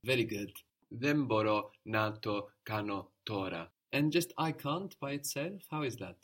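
A man's voice: lowish voice, expressive, a little slow, a bit bright. Patient man teaching a language lesson. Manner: patient, encouraging, explains step by step.

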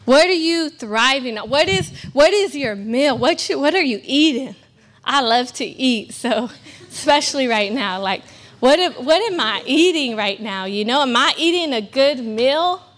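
A woman's voice: high voice, expressive, measured pace, a bit bright. A young woman from California preaching a sermon at a church service, earnest and emphatic with self-deprecating asides. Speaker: guest preacher.

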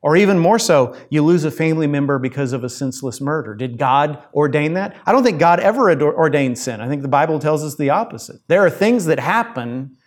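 A man's voice: a little high, expressive, brisk, hardly any pauses. A middle-aged man preaching a sermon, speaking straight to his congregation in a conversational, self-deprecating way. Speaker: pastor.

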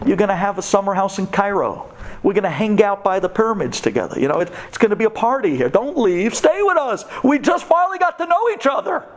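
A man's voice: sits high, animated, fast, pitched above the performer's own voice. Fawning Egyptian tempters, as a man puts them on. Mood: coaxing. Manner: wheedling, falsely friendly. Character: fawning ancient Egyptians coaxing slaves to stay.

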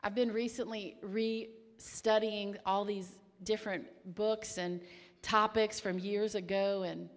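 A woman's voice: medium pitch, slow pace, long reverb tail. A woman preaching a sermon, telling stories with emphasis and dropping to whispers at times. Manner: swings from hushed whispers to loud exclamations; storytelling, animated and emphatic.

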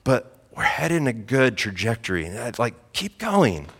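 A man's voice: medium pitch, very animated, moderate pace, a bit bright, husky. A man in his thirties, a pastor preaching in a casual, conversational way, often saying "like" and repeating himself for emphasis. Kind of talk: sermon. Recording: hall reverb.

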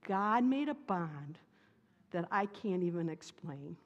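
A middle-aged woman pastor giving a sermon, telling personal stories in a lively, playful way. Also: lowish voice, slow, dull audio. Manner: lively, animated storytelling with playful humor. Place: church sanctuary. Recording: reverberant church sanctuary.

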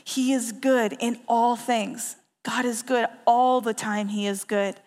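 A woman's voice: on the high side, steady tone, slow pace, a little mellow. Woman preaching in an echoing hall. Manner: earnest storytelling, repeats phrases for emphasis. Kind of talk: sermon. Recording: long hall reverb.

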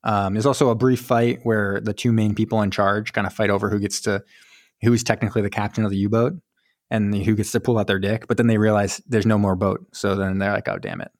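A man with a fairly low voice recaps a film in a loose, rambling way, joking and acting out lines as he goes. The sound is dry and close, with no room around it. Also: little pitch movement, fairly quick, no room sound. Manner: rambling, jokey, acts out characters' lines. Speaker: podcast co-host. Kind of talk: casual movie recap chat.

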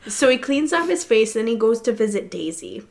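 A woman's voice: on the high side, animated, a little fast, crowd noise. A woman co-hosting a casual recap podcast, blunt, laughing often and swearing. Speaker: podcast co-host.

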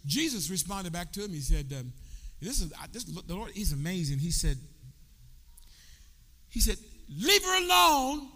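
A bishop preaching a sermon, drawing call-and-response from his congregation and building from quiet explanation up to shouts. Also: high-pitched, lively intonation, moderate pace, long pauses. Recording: long reverb of a large hall.

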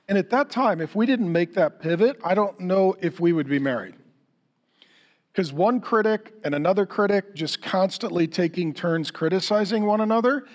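High-voiced man preaching a candid sermon. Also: long reverb tail. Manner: conversational, self-deprecating, acts out quoted dialogue. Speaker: pastor.

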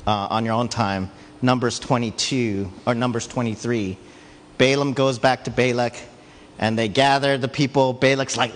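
Brief: man preaching, animated storyteller, mid-pitched, roomy reverberant sound. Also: moderate pace. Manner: animated storytelling with frequent asides and laughter. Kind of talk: sermon. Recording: long hall reverb.

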